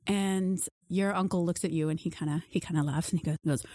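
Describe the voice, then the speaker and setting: A woman's voice: on the low side, fairly quick, dry recording, studio quality. Woman game master narrating casually. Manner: relaxed, conversational, with "uh"s. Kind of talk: narrating a tabletop horror game.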